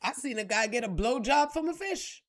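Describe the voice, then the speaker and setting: A woman's voice: on the high side, expressive, normal speed. A woman spiritual reader ranting to camera in a blunt, profane, heated way. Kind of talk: unscripted rant to camera.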